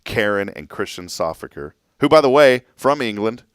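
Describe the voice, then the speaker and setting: A man's voice: lowish voice, moderate pace, clear, resonant tone, dry recording, clean studio sound. A man hosting a morning show, chatting casually and joking as he reads listener comments. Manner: jokey, animated, laughs while reading listener comments. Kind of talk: casual chat.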